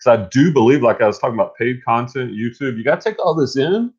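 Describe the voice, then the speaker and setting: A middle-aged man co-hosting a casual live stream, energetic and motivational, rambling with restarts. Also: mid-range voice, fast talker, breathy edge. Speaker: co-host. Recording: dull lo-fi stream audio.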